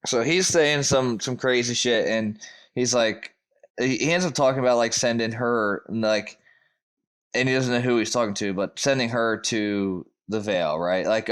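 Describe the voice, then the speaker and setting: A man's voice: medium pitch, normal speed, fairly bright tone, clear, resonant tone. A man co-hosting a podcast, retelling a book chapter in loose, slangy, profane casual chat. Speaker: podcast co-host.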